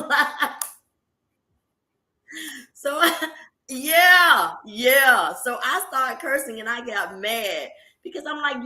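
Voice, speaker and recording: A woman hosts her own live stream and chats casually with the viewers she calls y'all. She sounds bright and animated and laughs often, and her voice bounces around an echoey room. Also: mid-range voice.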